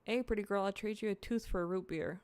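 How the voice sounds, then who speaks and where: A woman's voice: mid-range voice, fast talker, a little mellow, dry recording. A young woman streaming, chatting casually to her viewers while eating, rambling and swearing freely. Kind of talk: casual livestream chat, eating on camera.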